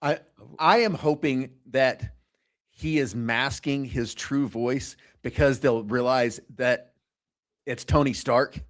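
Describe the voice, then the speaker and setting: A man co-hosting a podcast in casual chat, often halting and restarting his sentences. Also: medium pitch. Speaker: podcast co-host.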